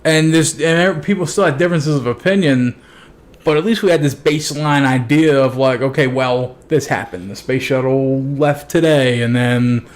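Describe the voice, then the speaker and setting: A man's voice: mid-range voice, moderate pace. A man in a casual podcast chat, thoughtfully explaining his views with some casual swearing. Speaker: podcast co-host.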